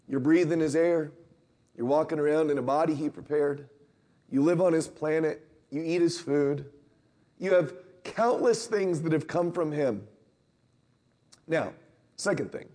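Conversational male preacher, lively quotes. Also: a little slow, pauses often. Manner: conversational, acts out Bible quotes with rising pitch. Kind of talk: sermon.

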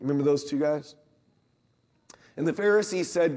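Conversational male preacher, lively quotes. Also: moderate pace, long pauses. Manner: conversational, acts out Bible quotes with rising pitch. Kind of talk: sermon.

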